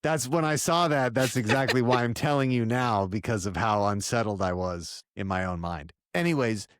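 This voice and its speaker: A man co-hosting a podcast, recapping an old sitcom episode in a rambling, relaxed way. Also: medium pitch, normal speed, no room sound, clean studio sound. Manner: rambling, relaxed storytelling with fillers. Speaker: podcast co-host. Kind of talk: casual recap chat.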